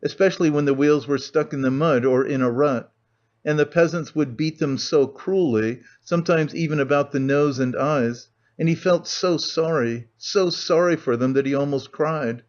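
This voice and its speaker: A man reading a classic novel aloud as an audiobook narrator, in a measured storytelling manner. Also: a little high, darkish tone. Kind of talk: scripted narration. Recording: muffled lo-fi audio.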